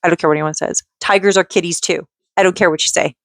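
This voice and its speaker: A woman's voice: fairly low pitch, steady tone, creaky, fairly bright tone, no echo. Giggly rambling woman, dry close sound. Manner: chatty, giggly, quick to go off on tangents. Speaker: vlogger and mother. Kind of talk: casual rambling rant.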